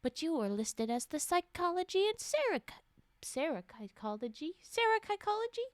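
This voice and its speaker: Panicked young woman, read by a woman, high voice, dry sound. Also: sing-song, moderate pace, no echo. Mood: agitated. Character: agitated young woman, a scared test subject.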